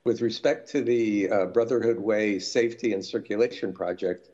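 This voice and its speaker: A man's voice: lowish voice, moderate pace, darkish tone. A man on an advisory committee giving a report, speaking hesitantly with fillers over a remote connection. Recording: dull lo-fi remote line.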